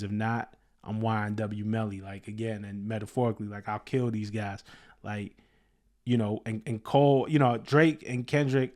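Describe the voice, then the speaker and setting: A man with a fairly low speaking voice hosts a casual music reaction. He reads lines aloud and explains them in a relaxed, chatty way, full of fillers and restarts. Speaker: host, music commentator.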